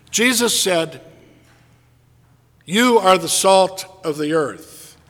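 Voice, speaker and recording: Slow-preaching man in a reverberant hall. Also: sits high. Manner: slow, deliberate preaching with dramatic pauses. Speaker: pastor. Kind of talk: sermon.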